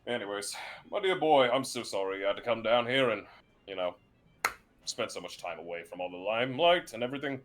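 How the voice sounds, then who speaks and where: A man's voice: on the low side, animated, brisk, soft background music, natural voice. A man voicing a suave, doting older crime boss who talks to people in a patronizing, theatrical way. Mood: genial.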